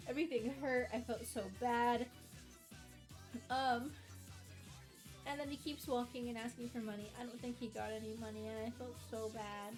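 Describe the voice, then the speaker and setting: A young American woman streaming, rambling through a travel story in casual chat, self-mocking and acting out quotes. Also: high voice. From United States.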